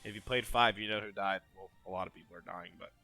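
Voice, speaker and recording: A man hosting a casual gaming live stream, energetic and hyping up his chat. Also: lowish voice, fast talker. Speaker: stream host.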